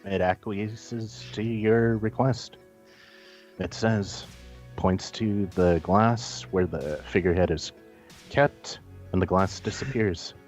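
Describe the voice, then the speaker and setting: A man narrating a tabletop game as game master in a measured, descriptive way. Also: lowish voice, darkish tone, highs cut off, faint music behind.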